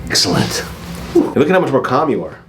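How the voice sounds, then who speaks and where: A man's voice: medium pitch, big pitch swings, fast talker, very noisy. A man working as a chiropractor, talking to camera while treating a patient, brash and profane.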